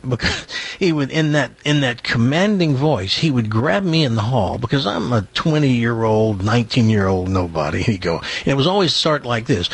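Animated husky older male radio host. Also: moderate pace. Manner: animated storyteller, drops into a deep put-on voice for quotes. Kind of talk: casual radio chat, storytelling.

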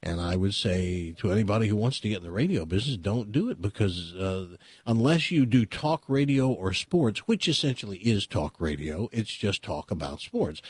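An American man is hosting a talk radio show, musing aloud in an opinionated, rambling way full of restarts. His husky voice swings up and down a lot as he talks. It is recorded close and dry on a studio microphone. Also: fairly low pitch, big pitch swings, normal speed, few pauses, a little mellow, no echo. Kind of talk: casual talk radio monologue.

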